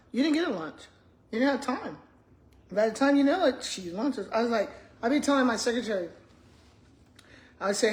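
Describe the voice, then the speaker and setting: A woman, a retired school principal chatting casually to viewers while eating, often humming and murmuring between bites. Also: mid-range voice. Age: 60s. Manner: chatty, addresses viewers as y'all, hums and murmurs while chewing.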